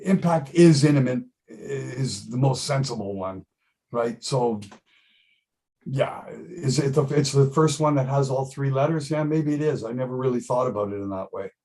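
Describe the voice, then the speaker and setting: A man's voice: mid-range voice, moderate pace, dark tone. A middle-aged man, a musician guest in a casual interview, talking emphatically, repeating himself and swearing freely.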